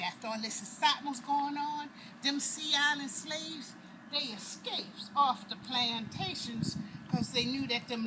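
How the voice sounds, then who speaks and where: A woman putting on an eager young enslaved boy who recalls the war with quick, excited dialect. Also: sits high. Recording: noisy outdoor recording with passing traffic.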